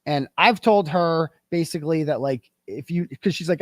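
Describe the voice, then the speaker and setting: A man, a guest in an interview, telling a story in a casual, animated way and acting out the quoted dialogue. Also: on the high side, moderate pace, no room sound, studio quality.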